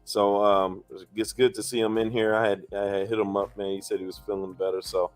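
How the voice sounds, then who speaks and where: Relaxed male podcast host. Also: on the low side, faint music behind. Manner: relaxed, fires off quick this-or-that questions. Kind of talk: casual chat.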